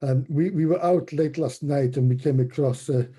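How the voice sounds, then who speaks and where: A man's voice: a little high, normal speed, dark tone, husky. A man playing his character in a tabletop game, stammering and repeating words. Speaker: player.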